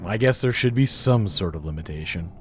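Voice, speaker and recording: A man's voice: sits low, expressive, a little fast, a little hiss or hum. An American man hosting a let's play, chatting casually over gameplay and laughing easily. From United States. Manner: chatty, giggly and easily amused.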